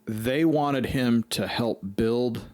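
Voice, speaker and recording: A man's voice: medium pitch, takes it slowly, a little mellow, no room sound. A man hosting a podcast, telling a rambling, profane story in casual chat. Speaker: podcast host.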